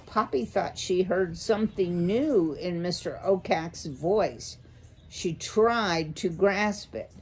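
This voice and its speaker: A woman reading a children's novel aloud slowly and carefully. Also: fairly low pitch, lively intonation, a little mellow, breathy edge. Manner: slow, careful read-aloud. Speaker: storybook reader.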